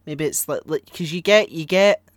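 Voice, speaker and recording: A man's voice: a little high, moderate pace, dry recording, clean studio sound. A man chatting casually, blunt and sweary, often trailing off into fillers. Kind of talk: casual chat.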